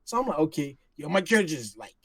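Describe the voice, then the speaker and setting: Slangy guy cracking up while telling stories, lively voice, a bit high. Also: fast talker, creaky. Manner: laughing, slangy storytelling. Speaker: podcast co-host. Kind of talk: casual chat.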